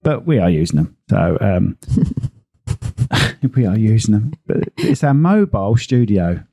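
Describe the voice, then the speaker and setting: A man's voice: on the low side, big pitch swings, slow, dark tone, dry recording, studio quality. A man, co-hosting a podcast in a casual, rambling, self-mocking way. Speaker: podcast co-host. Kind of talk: casual chat.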